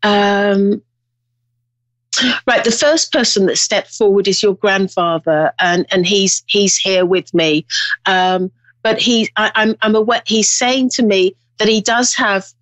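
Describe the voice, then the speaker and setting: A woman who is a medium and hosts a call-in show, talking in a rambling, reflective way with many restarts, and gently reassuring her callers. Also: mid-range voice, steady tone, a little slow, no echo. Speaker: psychic medium and host. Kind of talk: call-in radio hosting.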